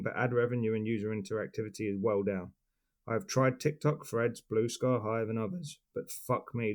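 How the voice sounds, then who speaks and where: A man co-hosting a podcast, reading a scripted rant of deadpan, sweary insults, then chatting casually. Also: fairly low pitch. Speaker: podcast co-host.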